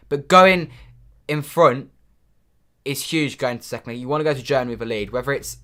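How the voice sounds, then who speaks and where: A young man commentating live on a football match for his stream, muttering between plays and shouting when his team scores. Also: medium pitch. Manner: excitable, swings from muttering to shouting at goals.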